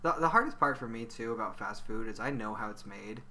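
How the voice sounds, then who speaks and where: A young man co-hosting a casual podcast chat, animated and rambling with many fillers. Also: on the low side, brisk, over a noisy crowd. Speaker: podcast co-host. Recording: faint background noise.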